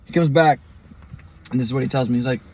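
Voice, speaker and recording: A young man hosting a podcast, telling a story in an animated, profane way and mimicking the people in it. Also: mid-range voice, fast. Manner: animated, profane, mimics others in quoted lines. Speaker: podcast host. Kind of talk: storytelling monologue.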